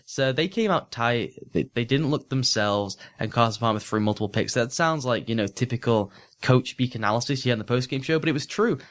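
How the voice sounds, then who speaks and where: A man's voice: medium pitch, fairly quick, hardly any pauses. Man analyzing football in casual chat. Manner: analytical, fluent, frequent restarts. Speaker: podcast co-host.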